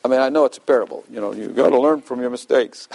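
An older man preaching to his congregation in an easygoing, talkative manner. He keeps pausing to chuckle and to throw questions at the room. His voice sits at an ordinary middle pitch for a man. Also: creaky, darkish tone, poor audio. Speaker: pastor. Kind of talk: sermon.

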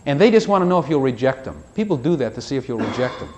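A man delivers a casual, wandering sermon in a medium-pitched voice. He speaks like he is chatting with the congregation, tossing in rhetorical questions and dropping from sudden loud bursts to quiet asides. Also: very animated, rapid-fire, background noise. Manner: folksy and rambling, with rhetorical questions. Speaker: preacher. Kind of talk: conversational sermon.

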